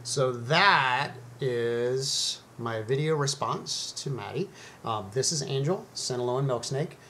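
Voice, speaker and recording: A man's voice: medium pitch, animated, takes it slowly, pushed and bright, slight background noise. A man hosting his own video, explaining snakes in a chatty, easygoing way with frequent ums and uhs. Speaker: snake educator and video host. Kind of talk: casual educational talk to camera.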